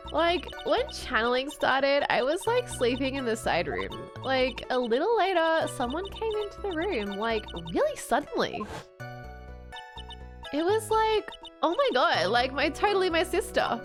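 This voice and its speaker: A woman's voice: high voice, very animated, unhurried. A woman voicing a ditzy young woman witness with a sing-song valley girl lilt, saying "like" constantly. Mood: airy, chatty. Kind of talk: reading game dialogue aloud in voices. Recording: game music playing underneath.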